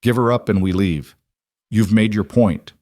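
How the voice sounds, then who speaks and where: A man's voice: lowish voice, normal speed, darkish tone, dry recording, clean studio sound, natural voice. A man voicing a greedy, threatening bounty hunter leader in a storybook tale. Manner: threatening, snarling. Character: gruff greedy male bounty hunter boss.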